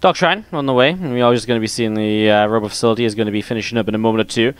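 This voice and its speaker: A man streams and casts a live esports game, mixing play calls with jokey chat aimed at his audience. His voice is on the low side and clean, he races through his lines, and the recording is dry.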